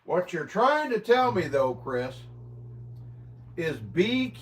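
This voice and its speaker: Animated, high-voiced man from the Midwest. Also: slow. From American Midwest. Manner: exclamatory, mock-outraged and profane. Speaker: livestream host. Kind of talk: casual live chat reacting to viewer comments. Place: home, indoors. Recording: voice a bit distant from the mic.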